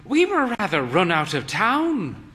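A man's voice: high voice, wildly swooping pitch, a little slow, pushed and bright, voice pushed up, heavily acted. A man voicing a theatrical, long-suffering elderly woman with an arch, drawling manner.

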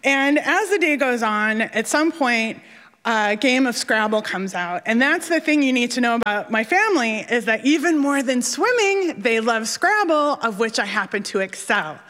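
Woman, live storytelling, self-mocking, animated, higher voice, echoey hall. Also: normal speed.

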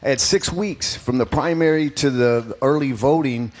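A man's voice: medium pitch, moderate pace, darkish tone. Middle-aged male candidate, earnest and emphatic, mid-range voice. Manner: emphatic, personal storytelling. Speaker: political candidate guest. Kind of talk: earnest interview answers.

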